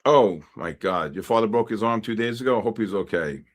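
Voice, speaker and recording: A man's voice: lowish voice, fairly quick. A man hosting a live trading stream, chatting in a rambling, wisecracking way and telling stories between market calls. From New York. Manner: rambling, wisecracking, animated storytelling with asides to chat. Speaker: trading livestream host. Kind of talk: casual chat while trading live.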